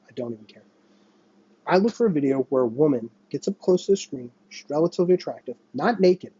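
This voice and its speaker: A man's voice: medium pitch, dark tone, breathy edge, dry recording, lo-fi sound. A young man hosting a podcast, venting in a profane monologue and mocking other people by quoting them. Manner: vents with heavy profanity and mocking quoted voices. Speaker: podcast host. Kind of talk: ranting monologue.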